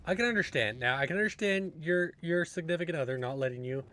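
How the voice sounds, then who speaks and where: A young man streaming, chatting casually with viewers in a relaxed, rambling way. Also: a little high, fast talker, slight background noise.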